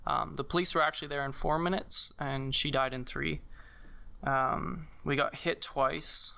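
A young man telling a personal story in casual conversation, halting, with many fillers and restarts. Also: on the high side, steady tone, gravelly, pushed and bright, smooth. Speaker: guest sharing a personal story.

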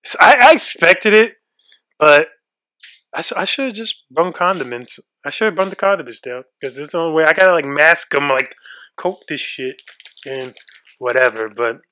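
A man's voice: on the high side, animated, moderate pace, bright, forceful tone. A young man co-hosting a casual podcast chat, nervous and shaky, swearing freely as he frets aloud. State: shaky and freaked out. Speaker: podcast co-host.

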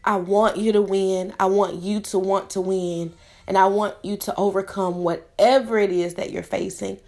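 A woman in her thirties talks straight to her listeners on her own podcast, earnest and heartfelt. Her voice sits at an ordinary middle pitch for a woman, and she delivers her encouragement with open sincerity. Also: steady tone, moderate pace, darkish tone. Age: 30s. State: tearful at times. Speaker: podcast host. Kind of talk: motivational solo podcast talk.

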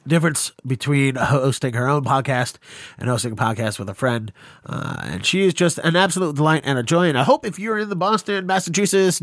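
A man's voice: mid-range voice, no echo, studio quality. Self-conscious, rambling male podcast host. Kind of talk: casual interview chat.

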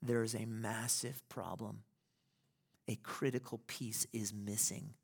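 A man's voice: on the low side, steady tone, takes it slowly, vocal fry, breathy edge. A male pastor preaching a sermon in an emphatic way, building to impassioned peaks.

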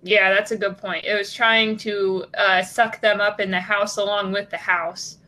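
Deadpan, bright-voiced woman co-host. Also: mid-range voice. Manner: slow, deadpan, jokey bravado. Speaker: podcast co-host. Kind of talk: casual chat.

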